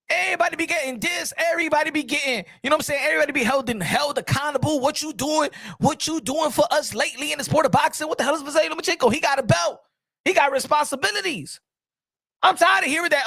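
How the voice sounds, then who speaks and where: A man hosting a solo boxing talk show, loud and playful, repeating his lines in mock outrage and tossing in Spanish phrases. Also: extremely high pitch, fast, creaky, no room sound, studio quality.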